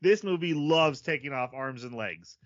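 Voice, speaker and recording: A man co-hosting a podcast, chatting casually about an anime, animated and self-deprecating, laughing at himself often. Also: a little high, normal speed, no room sound, dull audio. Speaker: podcast co-host. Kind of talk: casual chat.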